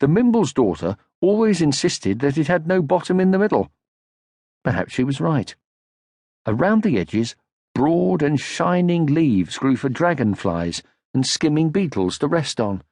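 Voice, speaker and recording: A man reading a children's storybook aloud in an expressive, gently paced way, close to the mic. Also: medium pitch, no echo. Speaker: audiobook narrator. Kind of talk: scripted storybook narration. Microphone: close studio mic.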